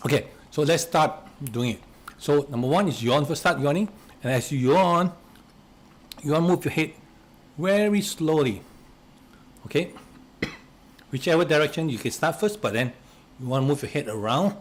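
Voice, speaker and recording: A man leading simple relaxation exercises step by step. He talks hesitantly, restarts and repeats words, coughs now and then, and goes soft and quiet while guiding. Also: fairly high pitch, animated, moderate pace, pauses often. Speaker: relaxation instructor.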